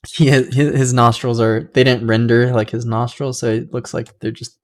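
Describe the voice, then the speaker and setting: A man's voice: mid-range voice, flat delivery, normal speed. A young man hosting a podcast, casually reading aloud and rambling with side comments. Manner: rambling, many fillers, laughs at own asides. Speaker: podcast host.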